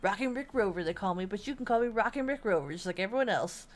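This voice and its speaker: A woman's voice: medium pitch, animated, fast, lightly acted. A woman doing Rockin' Rick Rover, a brash macho wolf. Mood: swaggering. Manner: brash, swaggering. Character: boastful macho male wolf bodybuilder.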